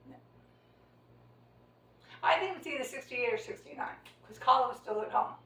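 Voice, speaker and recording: A woman in her sixties talks through an old family memory, rambling and hesitant with many fillers and restarts. Her voice sits fairly high. She sounds distant from the mic, in an echoey room. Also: expressive, moderate pace, fairly bright tone. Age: 60s. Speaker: storyteller recounting family memory. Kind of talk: casual family conversation.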